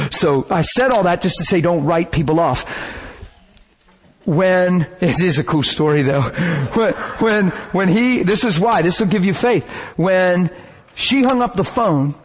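Male preacher, slightly high and husky, animated storyteller who swings into bursts of shouting. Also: slow. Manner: animated, dramatic retelling with bursts of shouting and laughter. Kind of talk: sermon storytelling.

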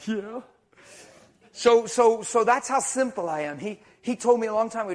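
Middle aged preacher guy, pretty high voice, goes quiet then loud, storytelling sermon. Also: moderate pace. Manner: storytelling, animated, swings between hushed asides and loud emphasis. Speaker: traveling preacher.

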